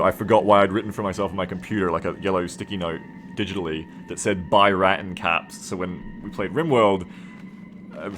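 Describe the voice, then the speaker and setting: A man streaming a strategy game live, excitable and rambling, swearing freely as he plays. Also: low voice, a little hiss or hum. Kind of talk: casual gaming livestream commentary.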